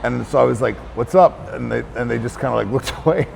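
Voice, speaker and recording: Gravelly-voiced man telling a rambling story. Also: mid-range voice, steady tone, quick pace, slight background noise. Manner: rambling, profane, heavy on filler words. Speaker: fitness trainer and channel host. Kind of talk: casual storytelling to camera.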